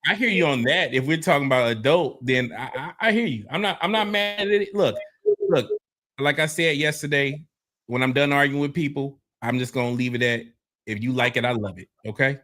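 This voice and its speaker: A man's voice: medium pitch, lively intonation, fairly quick, fairly bright tone. Guy hosting a podcast, aave, cussing and joking around, easygoing. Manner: loose, profane, joking. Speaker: podcast host. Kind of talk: casual chat.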